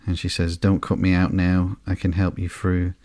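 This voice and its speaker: A man hosting a sleepy podcast, reading through a comic slowly and flatly with frequent ums and uhs. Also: low-pitched, no room sound. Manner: slow, flat and unhurried, with frequent ums and uhs. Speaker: podcast host.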